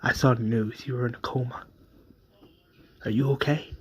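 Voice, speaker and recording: A man voicing a caring, gentle father who speaks quietly. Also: mid-range voice, fairly even intonation, moderate pace, slightly rough.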